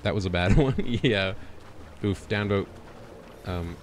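A man's voice: deep voice, unhurried, a little hiss or hum. A man streaming a video game, chatting to himself in a goofy, joking way. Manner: goofy, self-talking, laughs at his own jokes. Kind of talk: casual gameplay commentary.

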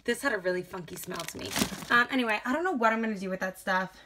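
A young woman vlogs about her wax collection in a mid-range voice, talking quickly over a lot of background noise. She rambles and chats casually, packs in fillers, pokes fun at herself, and sounds a little out of breath.

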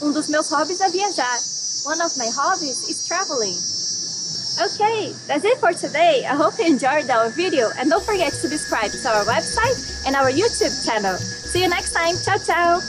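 A woman from Brazil teaching a language lesson, saying example words slowly and carefully and then explaining them. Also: high voice, big pitch swings, over music.

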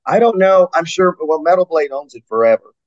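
A man and metal singer chatting in an interview, telling stories with lively acted-out quotes and frequent laughs. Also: fairly high pitch, a little fast, no room sound, dull audio. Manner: animated storyteller, acts out fans' voices, laughs often. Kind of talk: casual interview chat.

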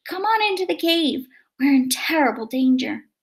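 A woman voicing an excited mother dragon. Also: high-pitched, moderate pace, voice pushed up. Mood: overjoyed. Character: mother dragon, relieved and fearful.

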